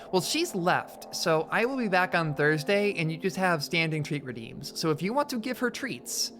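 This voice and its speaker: A woman live-streamer with a lowish voice that leaps all over the place as she talks. She is excitable and swears freely. Faint music plays behind her. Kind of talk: casual live-stream chat.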